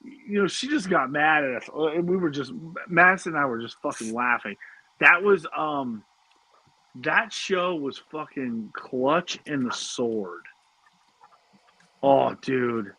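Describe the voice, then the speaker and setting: A man's voice: on the high side, expressive, unhurried, pushed and bright, breathy edge, low-quality recording. A middle-aged man, co-hosting a casual chat and telling a family story with lots of swearing and stammered restarts. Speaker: podcast co-host.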